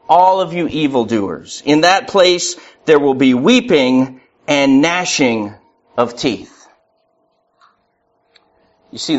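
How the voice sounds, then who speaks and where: A man preaching a sermon earnestly, acting out the voices in his quotes. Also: mid-range voice. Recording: muffled lo-fi recording.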